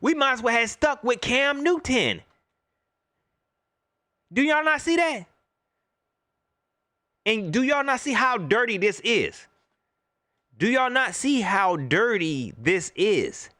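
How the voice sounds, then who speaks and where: A middle-aged man rants into his laptop mic during a livestream. His voice sits high and bright, and it leaps and drops as he gets worked up. The sound is dry and close. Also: measured pace, dry recording. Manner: animated, rants, greets chat viewers by name. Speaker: host. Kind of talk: livestream sports rant.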